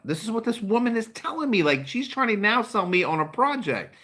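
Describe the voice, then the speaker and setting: Man, middle-aged, car dealer vlog host, profane fired-up pep talk, forceful tone. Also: high-pitched, sing-song, a little fast, few pauses.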